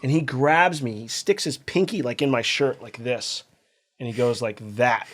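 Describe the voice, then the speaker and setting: A man's voice: medium pitch, normal speed, fairly bright tone. A middle-aged man from California, a skate video filmer, telling a story casually in a podcast interview, profane and acting out the voices of the people he quotes.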